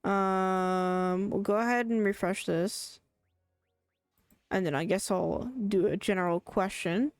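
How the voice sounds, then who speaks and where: A woman's voice: medium pitch, fairly even intonation, takes it slowly, smooth, dry recording, faint music behind. A young woman streaming a game, chatting casually as she plays, rambling and laughing often. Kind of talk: casual live gameplay commentary.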